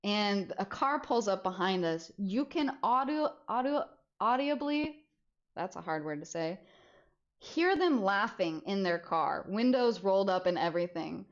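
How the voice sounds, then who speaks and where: A young adult woman streamer telling a story in casual chat, animated and often laughing as she goes. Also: medium pitch, unhurried, dull audio. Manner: animated, laughs through the story, frequent restarts.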